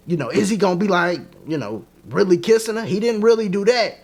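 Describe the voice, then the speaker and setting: A man reviewing a TV episode in a casual, animated way, laughing often and acting out characters' lines. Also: high voice, fast, few pauses. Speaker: TV show reviewer.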